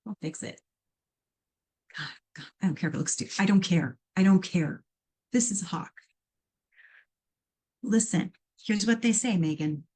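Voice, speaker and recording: A middle-aged woman from Iowa hosting a live call-in show as a psychic medium. She reads out listener questions and answers them in a chatty, animated way, full of playful asides. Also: medium pitch, normal speed, long pauses.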